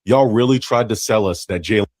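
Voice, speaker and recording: A man's voice: lowish voice, a little fast, a little mellow, no echo. Man, sports rant clip, blunt and scornful, swears freely, dry close sound. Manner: blunt, mocking, profane trash talk. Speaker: sports commentator in a played clip.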